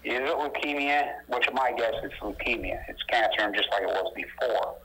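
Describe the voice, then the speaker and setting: A man talking as an activist guest in a casual phone conversation, animated and emphatic, ranting with rising indignation. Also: mid-range voice, normal speed, a little hiss or hum, poor audio. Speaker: anti-nuclear activist guest.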